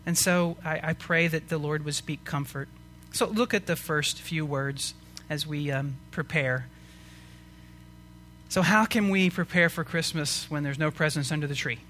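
A man's voice: on the high side, a little slow, pushed and bright, a little hiss or hum. A man preaching a sermon as pastor, earnest and rising to emphatic questions to the congregation.

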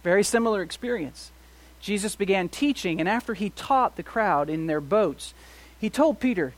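Animated man preaching a sermon. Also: high-pitched, moderate pace. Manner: animated, swings from soft to loud, rhetorical questions. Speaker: pastor.

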